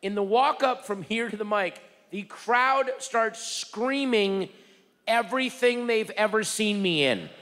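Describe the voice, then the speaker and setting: A man doing stand-up storytelling on stage, animated, shouting out the crowd's yells. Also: high-pitched, a little slow. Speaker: stand-up comedian. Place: comedy stage before a live audience. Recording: reverberant live venue with crowd noise.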